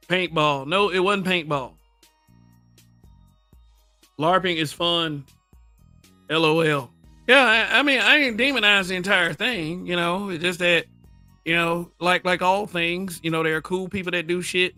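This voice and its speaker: A middle-aged man with a Southern accent holds forth on a livestream, blunt and full of profanity, laughing at his own points as he answers his chat. His voice sits a little high and sounds bright and forceful. The sound is dry and close, with faint music underneath. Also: no echo. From American South. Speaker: livestream host. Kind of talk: casual livestream commentary.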